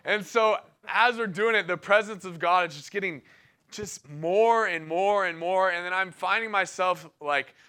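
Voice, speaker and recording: Young male preacher, casual and excitable, clear bright voice, laughs a lot mid-story. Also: sits high, unhurried. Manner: casual and enthusiastic, laughing often between phrases. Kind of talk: sermon with personal storytelling.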